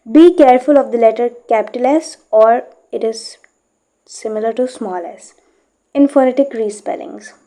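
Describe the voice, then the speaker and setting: Soft-voiced woman teaching pronunciation, slow. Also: a little high. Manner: reads a passage aloud, then explains it, with frequent "okay?" checks. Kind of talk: explaining from a book page.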